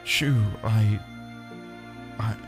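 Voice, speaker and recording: A man's voice: on the low side, extremely slow, music in the background, pitched below the performer's own voice. Brief: anxious young woman begging to help, hesitant and pleading, read out by a man. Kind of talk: reading game dialogue aloud.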